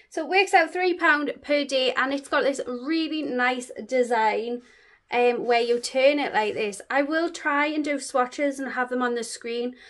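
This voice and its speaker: A woman beauty vlogger chatting casually through a product unboxing, gushing, with many fillers. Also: fairly high pitch.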